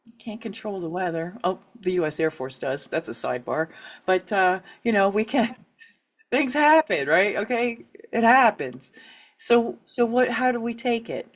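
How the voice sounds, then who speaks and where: A middle-aged woman, an author and writing coach, speaking candidly as an interview guest. She is animated, laughs often and acts out quoted reactions. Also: mid-range voice, moderate pace.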